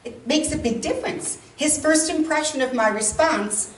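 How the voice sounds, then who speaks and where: A woman's voice: high voice, normal speed. A woman delivers a talk on stage in a large hall. She is heard from some distance, with roomy reverb and a faint hum of ambience behind her. She tells her points like stories and acts out the quoted lines with emphasis. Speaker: speaker. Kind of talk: public talk.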